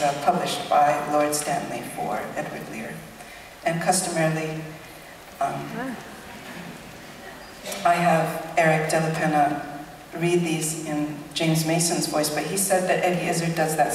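A woman talking on stage to a concert audience, hesitant with many fillers and wry self-mocking asides. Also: sits low. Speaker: singer on stage. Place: large concert hall. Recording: distant, echoey concert hall recording with audience noise.

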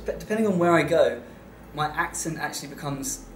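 A man's voice: a little high, a little fast, reverberant, slight background noise. A man from England with an English accent, chatting with lots of filler words. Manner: animated storyteller, many fillers. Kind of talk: casual chat.

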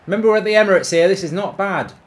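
A man streaming a football video game, reacting loudly, swearing and cheering at the play. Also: sits high, racing, a little hiss or hum. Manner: excitable, swears, shouts at the game. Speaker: gaming streamer. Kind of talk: live football game commentary.

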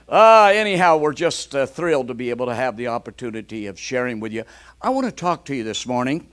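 A man's voice: mid-range voice, big pitch swings, quick pace, fairly bright tone. An older man preaching a fervent sermon with exclamations.

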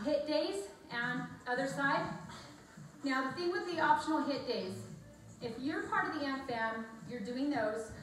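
An upbeat woman fitness instructor coaches a workout class, cheering people on and counting reps, slightly out of breath. Her voice sits a bit high and rings in a very echoey room, picked up from some distance. A faint room hum sits behind her. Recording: echoey room, mic far off.

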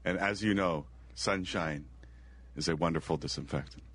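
Man doing a hotel clerk voice, lowered, slow, measured, soothing. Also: fairly bright tone. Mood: mock-soothing.

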